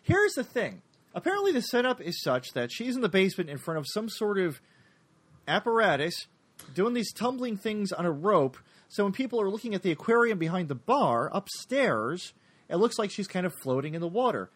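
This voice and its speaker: Lively, animated man chatting. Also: sits high, a little fast. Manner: animated, laughing, acts out quotes. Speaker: podcast co-host. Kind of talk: casual chat.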